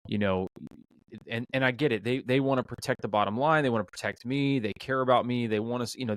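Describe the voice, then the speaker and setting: A man's voice: medium pitch, fast, dry recording. A man hosting a casual podcast interview, talking reflectively with many restarts. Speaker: podcast host.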